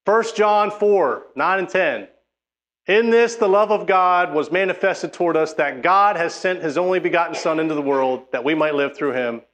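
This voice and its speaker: A man's voice: on the high side, normal speed, a bit bright. A man preaching a sermon, reading scripture and urging listeners with emphatic, exhorting speech. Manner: emphatic, exhorting, with frequent restarts.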